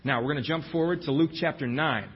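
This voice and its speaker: A man's voice: a little high, quick pace, slightly rough, highs cut off. A man preaching a sermon, retelling scripture in a storytelling manner and giving the quoted lines their own voices.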